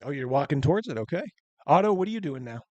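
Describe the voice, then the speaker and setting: A man's voice: on the high side, sing-song, fast talker, darkish tone, no room sound, dull audio. A man narrating as game master of a tabletop game, loose and chatty, laughing often.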